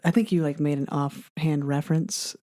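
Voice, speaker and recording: A man's voice: fairly high pitch, little pitch movement, normal speed, mellow. A man co-hosting a podcast in casual chat, rambling with lots of filler words and frequent laughs. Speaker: podcast co-host.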